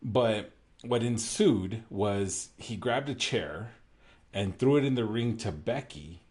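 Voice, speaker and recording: Deep-voiced man recapping wrestling casually. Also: expressive, takes it slowly, darkish tone. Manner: rambling, with many fillers and self-corrections. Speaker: podcast co-host.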